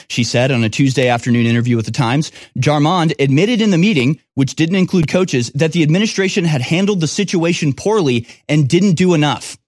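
A man's voice: fairly high pitch, dry recording, studio quality. A man reading news stories aloud and breaking off into scornful, sarcastic commentary as host of his own show.

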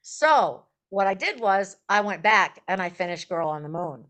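Chatty woman telling animated stories. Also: medium pitch, normal speed. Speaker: guest songwriter and performer. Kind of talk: casual interview storytelling.

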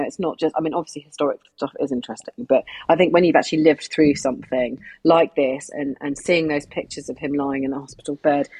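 A woman with a lowish, husky voice co-hosts a podcast, chatting enthusiastically about a TV drama. Her voice is recorded dry and close. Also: no room sound. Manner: enthusiastic, conversational. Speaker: podcast co-host. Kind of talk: casual review chat.

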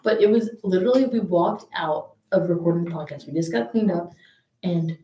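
A woman's voice: lowish voice, fairly quick, mellow. A young woman co-hosting a podcast in casual chat, rambling with fillers, recorded in a small room. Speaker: podcast co-host. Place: small room in a school library. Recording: echoey small room, faint background noise.

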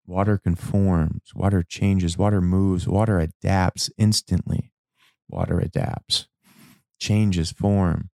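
A man giving a reflective motivational talk about anger and change, slow and emphatic, repeating words and now and then swearing. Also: low voice, fairly even intonation, creaky, mellow, dry recording, studio quality. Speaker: self-help speaker.

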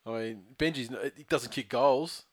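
A man's voice: medium pitch, normal speed, no echo. Blunt sweary man. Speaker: podcast co-host. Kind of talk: casual sports chat.

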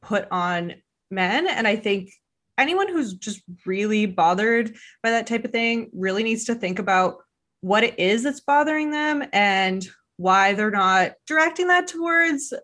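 A woman's voice: mid-range voice, animated, measured pace, a bit bright. A woman hosting a podcast in a casual, rambling, self-deprecating way, swearing now and then. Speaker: podcast host. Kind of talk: casual chat.

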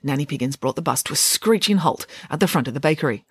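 A woman reads a children's audiobook with a playful, animated delivery. Her voice sits low but swings widely. The sound is dry and close. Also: fast talker, breathy edge, no echo. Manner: lively, playful storytelling. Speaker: narrator. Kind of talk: audiobook narration.

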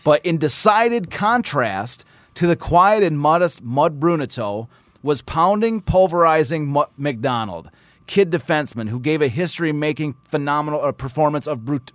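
Animated man telling hockey stories. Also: a little high, moderate pace, dry recording. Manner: animated storyteller who reads old articles aloud. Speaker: podcast host and filmmaker. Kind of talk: casual chat.

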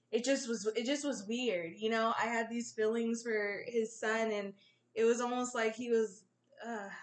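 A young adult woman co-hosting a casual chat, animated and giggly as she reacts. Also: a little high. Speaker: podcast co-host.

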